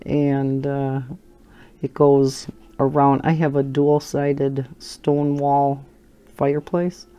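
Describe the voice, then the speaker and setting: A woman's voice: rumbling low, monotone, slow, mellow, clean tone. An older woman hosting a coloring channel, rambling through casual chat with frequent laughter while holding a baby. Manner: chatty and rambling, laughs often.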